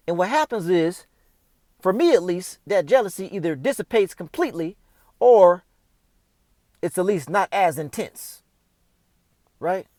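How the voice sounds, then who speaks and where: A man's voice: high voice, lively intonation, unhurried, pauses often, mellow, no room sound. A man giving casual, off-the-cuff spiritual advice, talking straight to the listener in loose slang. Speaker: host.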